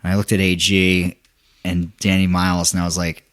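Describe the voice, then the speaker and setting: A young man telling a story in casual podcast chat, animated, acting out quotes with many restarts. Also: sits low, normal speed.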